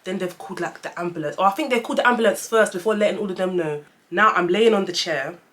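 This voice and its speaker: A woman's voice: mid-range voice, quick pace. Chatty young woman telling a story. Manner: chatty, animated storytelling, addresses viewers as guys. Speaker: vlogger. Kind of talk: story-time vlog.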